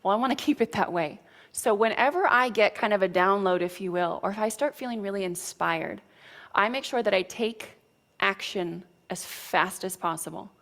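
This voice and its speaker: A woman's voice: medium pitch, normal speed, a bit bright. Frank, casual woman spiritual coach. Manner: frank and casual, with mild cursing and frequent "right?" check-ins. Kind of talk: motivational teaching talk.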